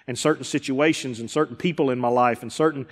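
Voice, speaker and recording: A man's voice: medium pitch, fairly even intonation, fast. A male pastor preaching a sermon, driving points home with emphatic repetition. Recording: hall with long reverb.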